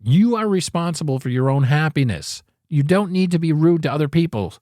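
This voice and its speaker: A man's voice: on the high side, expressive, brisk, a little mellow, no echo, studio quality. A man hosting a casual solo podcast, speaking emphatically and in a preachy way into a podcast microphone. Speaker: podcast host.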